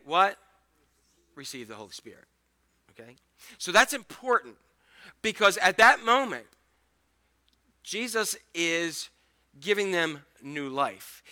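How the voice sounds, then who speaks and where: A male pastor giving a conversational, animated sermon, acting out the scripture scenes as he goes. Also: a little high.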